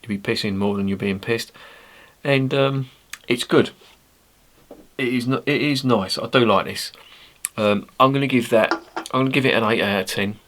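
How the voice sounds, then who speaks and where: A man's voice: mid-range voice, normal speed, pauses often, a bit bright. A man, giving a casual, rambling, sweary beer review monologue. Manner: rambling, sweary, blunt banter.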